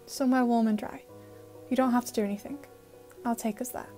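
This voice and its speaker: In an audio fan-fiction story, a woman voices an earnest teenage boy hero who shifts between gentle and urgent, pleading softly. Her reading sits fairly high, steady in tone, fairly quick and lightly acted, with faint music underneath.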